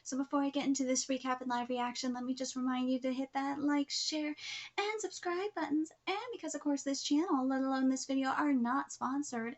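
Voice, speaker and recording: A woman in her thirties hosting a live manga reaction video, gushing and emotional, often dropping into breathy whispered exclamations. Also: high voice, fairly even intonation, fairly quick. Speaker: YouTube manga reaction host.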